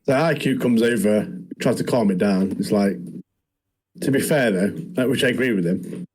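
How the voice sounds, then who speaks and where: A man's voice: fairly low pitch, normal speed, a little mellow, husky. A man, co-hosting a podcast and recapping anime scenes in rambling, slangy casual chat. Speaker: podcast co-host.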